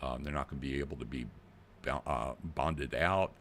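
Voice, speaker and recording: A bullying fake police officer rushes through his lines, curt and impatient, with a deep, gravelly voice, as a man puts him on. He hurries each call toward its end. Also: a bit bright, a little hiss or hum. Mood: officious. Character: pushy male phone scammer posing as a police officer.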